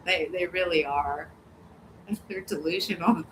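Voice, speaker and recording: A woman's voice: fairly low pitch, measured pace, a bit bright, slight background noise, poor audio. A woman hosting a casual livestream, reading viewer comments aloud, laughing often and cussing freely. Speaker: livestream host. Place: home, hot weather.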